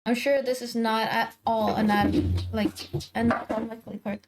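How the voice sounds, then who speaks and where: With a very noisy recording, a woman at home chats casually with her stream while drawing, calling out to her cats and teasing with mock indignation into a desk microphone. Her voice is a little high, delivered flatly at a normal speed.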